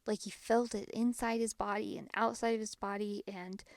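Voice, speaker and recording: A woman's voice: mid-range voice, steady tone, normal speed, dry recording, clean studio sound. A woman podcast host casually retelling a paranormal investigation, chatty and full of fillers.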